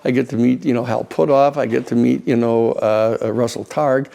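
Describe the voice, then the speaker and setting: A man, a lawyer, telling stories in an animated, conversational way, often repeating words as he builds a point. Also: medium pitch, moderate pace, vocal fry. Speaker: lawyer and institute president. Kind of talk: conversational storytelling.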